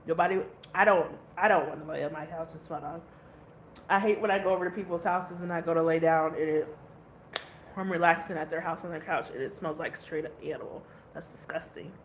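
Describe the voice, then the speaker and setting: A woman's voice: fairly low pitch, a bit bright, slight background noise. A woman giving a casual tarot reading who rambles, swears casually and laughs often. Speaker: tarot reader.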